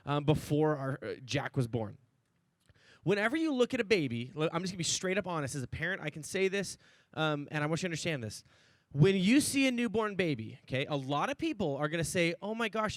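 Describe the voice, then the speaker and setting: Man, 30s, pastor, casual joking sermon delivery, higher voice, dry close sound. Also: dry recording. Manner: joking, chatty, many "like"s and "right?".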